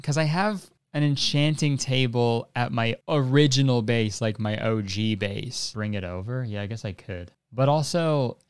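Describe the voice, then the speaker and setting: Young male gamer, rambling profane jokes, smooth clear voice, dry close mic. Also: medium pitch, moderate pace, few pauses, dry recording. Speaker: gaming streamer. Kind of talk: casual gameplay commentary.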